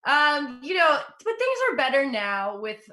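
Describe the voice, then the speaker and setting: A woman's voice: high voice, sing-song, measured pace, bright, forceful tone. A young woman doing a stand-up comedy set from home for an online show, upbeat and self-mocking. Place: at home in front of a green screen. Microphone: computer mic for an online show.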